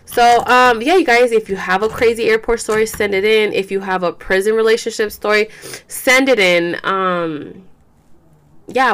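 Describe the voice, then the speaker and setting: A woman's voice: a little high, a bit bright, slight background noise. A woman hosting a podcast in a rambling, chatty way, tired and yawning, saying "like" a lot and swearing now and then. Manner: rambling, chatty, says "like" and "you guys" often, swears. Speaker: podcast host. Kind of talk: casual chat.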